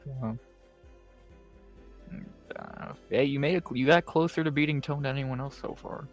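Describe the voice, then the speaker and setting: A man's voice: mid-range voice, steady tone, normal speed, faint music behind. A man co-hosting a casual podcast, laid-back and swearing as he chats. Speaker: podcast co-host. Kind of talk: casual chat.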